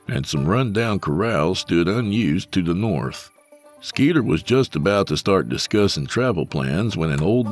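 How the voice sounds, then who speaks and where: A man narrating an audiobook in a dry, profane storytelling manner. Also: sits low. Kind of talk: scripted narration.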